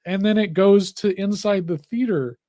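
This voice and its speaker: Young male co-host, slightly higher voice, acts out every quote. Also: normal speed, no room sound. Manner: animated storyteller acting out quotes. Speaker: podcast co-host. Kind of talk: casual chat.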